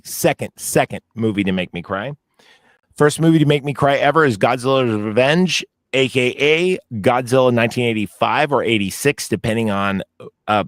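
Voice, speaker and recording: A man's voice: mid-range voice, no room sound. A man co-hosting a casual movie-review podcast, telling long anecdotes that drift into tangents. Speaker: podcast co-host.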